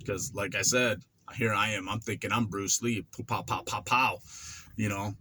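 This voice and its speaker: With a fairly low pitch and moderate pace, a man in his forties spins a casual tale about his past, slight background noise audible behind him. The vlogger is animated, voicing quotes and making sound effects as the story unfolds.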